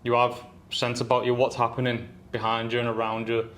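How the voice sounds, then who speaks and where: A man's voice: medium pitch, monotone, a little fast, a bit bright. A man hosting a casual interview, speaking in a matter-of-fact way. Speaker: podcast host.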